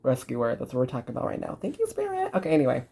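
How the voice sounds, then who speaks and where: A woman's voice: a bass voice, huge pitch swings, rapid-fire, warm tone, slight background noise. A woman from Texas, doing a chatty, reassuring intuitive card reading to camera. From Dallas, Texas. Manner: chatty, reassuring, trails off mid-sentence. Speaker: tarot reader and spiritual channeler.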